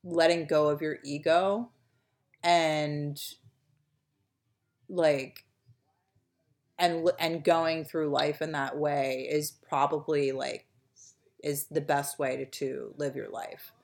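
A young woman co-hosting a casual podcast chat, rambling with lots of fillers and trailing off softly. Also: low voice, steady tone, slow pace, pauses often. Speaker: podcast co-host.

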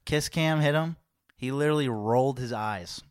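A man's voice: medium pitch, normal speed, clean tone, no room sound, clean studio sound. A young man co-hosting a casual sports chat, slangy and profane, calling people bro and dude. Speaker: podcast co-host.

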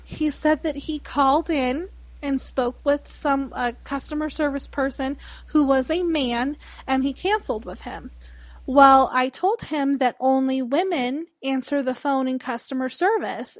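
A woman hosts a casual chat, telling animated stories, laughing often, and mimicking the customers who call in. Her voice sits high, and there's no room sound.

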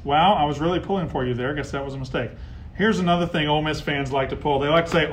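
A man hosting a casual live sports talk stream, heckling rivals and getting loud when riled. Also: on the high side, fast talker. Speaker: sports show host.

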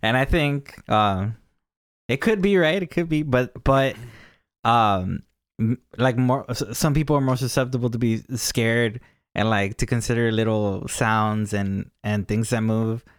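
A man co-hosting a casual chat, laid-back and chiming in with reactions and his own thoughts. His voice is smooth and resonant, recorded dry and close with no room echo, at a middle pitch. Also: unhurried.

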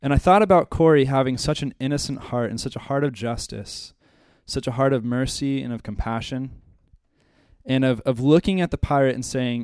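A man, a pastor, opening a church ministry class with a heartfelt story and then a quiet, earnest prayer. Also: medium pitch, normal speed, clean tone, no room sound, clean studio sound.

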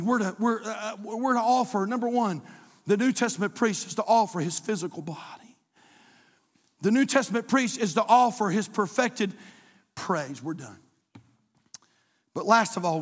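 A man preaching as pastor to his congregation, building to shouted, rhythmic lists of praise. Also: sits high, breathy edge. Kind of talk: sermon. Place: large church sanctuary. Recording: long hall reverb.

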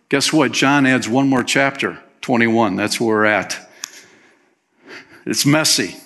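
A man delivering a sermon in a church, his voice bright and forward. He talks to the congregation like friends, dropping in "man" and slipping into the voices of the people he quotes. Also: mid-range voice. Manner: conversational preaching, peppered with "man", acts out quotes. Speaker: pastor.

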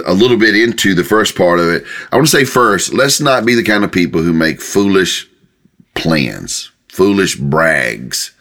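A male pastor, preaching a sermon with animated delivery and sudden jumps in pitch when voicing God. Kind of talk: podcast sermon teaching.

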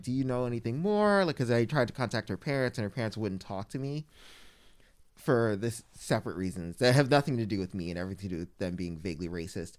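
Man telling a story, smooth voice. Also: lowish voice. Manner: animated, heavy use of "like", mimics people he quotes. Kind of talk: casual storytelling chat.

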